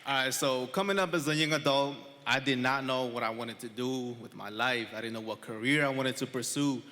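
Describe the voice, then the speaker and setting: A man in his twenties telling a true story live on stage to an audience, conversational and animated, laughing between lines. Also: medium pitch, a little fast, a faint crowd, a little hiss or hum. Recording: live stage recording with long hall reverb.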